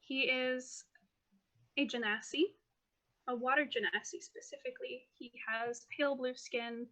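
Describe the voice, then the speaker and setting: A woman narrating a tabletop game as game master in a lively, playful way. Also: sits high, unhurried.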